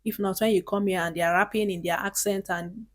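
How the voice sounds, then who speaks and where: A woman talks straight to camera in a casual advice vlog. She is chatty and earnest, and she often pauses to check in with her viewers. Her voice sits at an ordinary middle pitch. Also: steady tone. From Nigeria. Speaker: vlogger.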